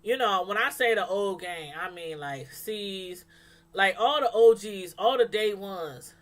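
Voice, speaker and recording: A woman reviewing a TV show in casual chat, rambling, animated and full of fillers. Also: mid-range voice, a little slow, slight background noise. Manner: animated, acts out quotes from the show; loose, rambling delivery with many fillers.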